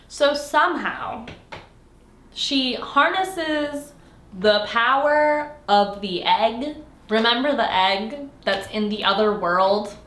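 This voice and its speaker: A woman's voice: high voice, lively intonation, measured pace, a bit bright. A young woman casually recapping a fantasy novel she reviews, sarcastic and exasperated, with lots of "like" fillers. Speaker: book reviewer. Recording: echoey room.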